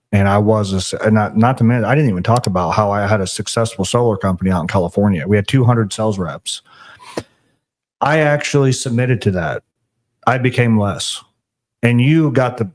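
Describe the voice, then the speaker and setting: A man's voice: fairly low pitch, fairly quick. Male podcast co-host, earnest and reflective, casual talk. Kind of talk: casual Christian podcast chat.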